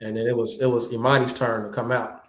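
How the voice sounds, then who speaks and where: A man who is a guest tells animated stories in casual, slangy talk, mimicking the people he quotes. His voice sits at an ordinary middle pitch. The sound has a roomy echo around it. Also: quick pace. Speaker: guest, martial artist. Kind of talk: casual storytelling chat.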